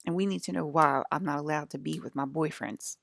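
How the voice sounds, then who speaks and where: A woman's voice: deep voice, brisk, vocal fry, dry recording, studio quality. A woman talking straight to her viewers in a rambling, profane, irritated monologue. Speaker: vlogger.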